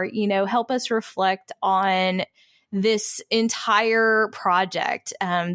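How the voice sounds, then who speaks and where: A woman's voice: medium pitch, no echo, clean studio sound. A woman co-hosting a podcast in casual chat, folksy and friendly, saying "y'all". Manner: warm, folksy, says "y'all". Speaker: podcast co-host.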